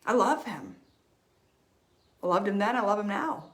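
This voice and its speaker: Speaking at a normal pace into a streaming mic, a woman with a medium-pitched voice gives an animated, personal motivational talk. She's a life coach on a live stream, earnestly telling her own story and repeating phrases to stress them.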